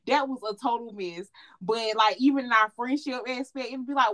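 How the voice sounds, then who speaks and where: A woman co-hosting a casual chat, telling animated and profane stories about her relationships. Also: a little high, moderate pace. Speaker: podcast co-host.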